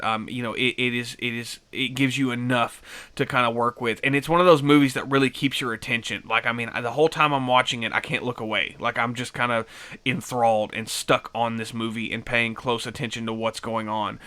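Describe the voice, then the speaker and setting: A man's voice: mid-range voice, pushed and bright, clear, resonant tone. A man giving a casual, rambling film review, full of fillers and restarts. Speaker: movie reviewer.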